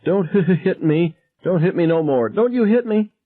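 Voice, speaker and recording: A man voicing a hysterical, frightened teenage girl in a high, stammering, sobbing voice, on a dull lo-fi recording. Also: fairly even intonation, moderate pace, lightly acted. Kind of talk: audiobook character voice.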